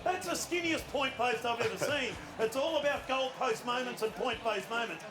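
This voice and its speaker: A man's voice: extremely high pitch, moderate pace, roomy sound. An Australian man on a sports panel, out of breath, exclaiming and laughing as he runs through clips. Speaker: panelist presenting footage segment. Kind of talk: casual studio banter.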